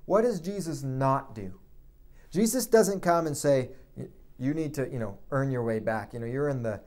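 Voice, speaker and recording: A man's voice: mid-range voice, moderate pace, darkish tone. A male pastor preaching a sermon in a conversational way, full of restarts and asides, who drops his voice to quote the figures in the story.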